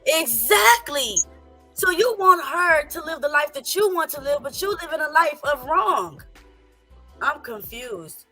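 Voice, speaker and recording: A woman with a Southern US accent hosting a casual group chat, blunt and animated, sometimes turning preachy. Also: high voice, a little slow, faint music behind. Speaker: podcast host.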